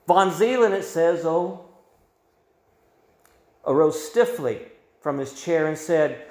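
A man's voice: fairly high pitch, animated, takes it slowly, long pauses, darkish tone. A male pastor preaching a sermon with emphatic delivery, his voice swelling and dropping. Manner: emphatic preaching with rising and falling volume. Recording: roomy echo.

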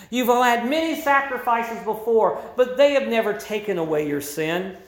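A pastor delivers a sermon from the pulpit, stressing key words with a deliberate, teaching cadence. The voice sits at a middle pitch, and the sound carries a roomy echo, as in a church hall. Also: expressive.

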